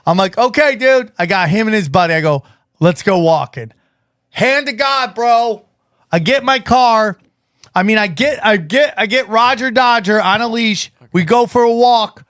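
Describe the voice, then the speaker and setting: A man with a high voice tells a story on a podcast. He acts out every line people said and his voice climbs into excited shouts. The sound is dry and close. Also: a little slow, no room sound. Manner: animated, acts out quotes, rising to shouts. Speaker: podcast co-host. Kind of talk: casual storytelling chat.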